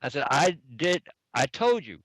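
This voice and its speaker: A man's voice: a little high, big pitch swings, moderate pace, fairly bright tone, slightly rough, dry recording, rough recording. A middle-aged man casually retelling an online chat argument, reading back messages and repeating "I said" over and over. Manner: repetitive, reads back messages with constant "I said". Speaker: online game player recounting a dispute.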